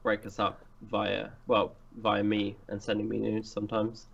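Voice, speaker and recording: Male podcast guest, low voice, dry and understated, lo-fi line. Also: completely flat delivery, unhurried, vocal fry, fairly bright tone. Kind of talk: casual podcast chat.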